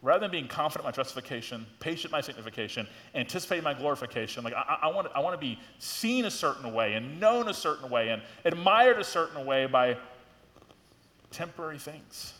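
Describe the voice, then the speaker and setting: A middle-aged man preaching a sermon as a pastor, in a conversational, animated way with lots of "like" and rising emphasis. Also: on the high side, fast. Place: church sanctuary. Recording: church hall reverb.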